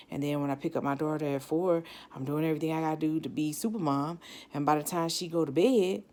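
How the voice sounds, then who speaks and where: A woman with a low, gravelly voice tells her own story as a cancer survivor. She speaks in a reflective, candid way and often stops to restart her sentences. She talks plainly, in the manner of personal storytelling. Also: a little mellow.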